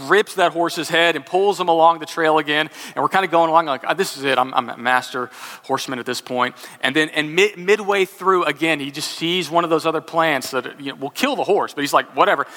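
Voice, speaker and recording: A man's voice: high-pitched, bright, forceful tone. A man from Texas preaching a sermon, telling a self-deprecating personal story in a casual, conversational way. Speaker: pastor. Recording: long reverb from a large hall.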